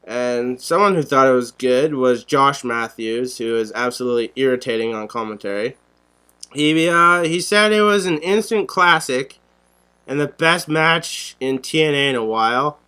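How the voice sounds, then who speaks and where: A man's voice: mid-range voice, moderate pace, pushed and bright, clear, resonant tone. A young man co-hosting a podcast, talking bluntly and sarcastically and swearing often. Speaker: podcast co-host. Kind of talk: casual podcast chat.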